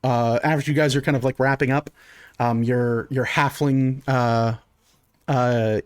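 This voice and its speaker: A man's voice: medium pitch, fairly even intonation, measured pace, clear, resonant tone, no room sound. A man narrating as game master in a loose, rambling way with many fillers.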